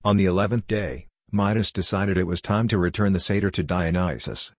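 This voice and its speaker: A man's voice: deep voice, steady tone, a little fast, no room sound, clean studio sound. A man narrating a scripted storybook in a plain, lightly humorous way.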